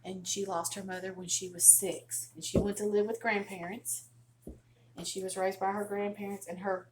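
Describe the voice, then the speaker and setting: A woman's voice: medium pitch, flat delivery, moderate pace, very noisy. Chatty Southern woman in her kitchen. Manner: folksy, chatty, storytelling. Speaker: cooking channel host. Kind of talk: casual cooking demonstration. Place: home kitchen.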